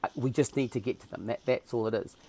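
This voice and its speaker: A man with a New Zealand accent speaks as a podcast guest. He tells his stories in a loose, conversational way with a lot of feeling, and his voice sits at an ordinary middle pitch. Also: fast talker, husky. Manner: emotional, animated storyteller. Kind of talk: casual interview storytelling.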